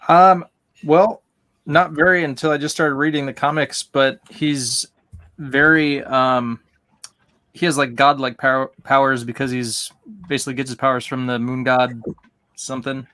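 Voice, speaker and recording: A man chatting as a guest on a livestream, unsure of himself, with lots of pauses and restarts. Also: mid-range voice, fairly even intonation, sharp tone. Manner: hesitant, lots of ums and restarts. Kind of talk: casual chat.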